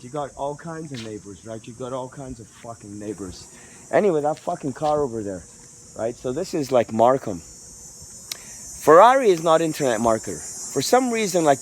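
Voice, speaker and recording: A man vlogging outdoors on a residential street into a handheld phone, talking in a rambling, profane, street-casual way. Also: fairly high pitch. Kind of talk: casual walking vlog rant.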